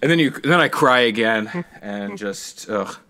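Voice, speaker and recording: Lively young man retelling a movie. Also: fairly low pitch, measured pace, a little hiss or hum. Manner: animated storyteller, acts out movie scenes with profanity. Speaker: podcast co-host. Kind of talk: casual chat.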